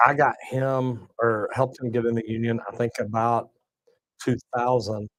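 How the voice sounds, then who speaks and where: A middle-aged man talks in a relaxed, folksy drawl, tossing in y'all and man as he chats on a livestream. His voice sits in an ordinary middle register and sounds close and dry, with no room around it. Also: mid-range voice, unhurried, dry recording, rough recording. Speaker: plumbing channel host reading live chat. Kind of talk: casual livestream chat.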